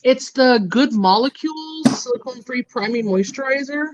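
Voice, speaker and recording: A woman's voice: sits high, animated, normal speed, noisy background. A woman chatting casually while doing her makeup, blunt and swearing freely. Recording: dull lo-fi, dry sound.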